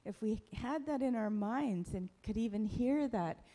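A woman giving a lively, playful church talk, animated and quick to poke fun at herself. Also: on the high side. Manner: playful, self-mocking, animated. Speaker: church speaker.

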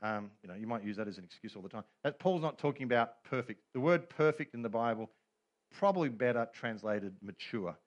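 A man's voice: mid-range voice, lively intonation, brisk. A middle-aged man preaching a sermon as pastor, telling stories with humor and quoted voices.

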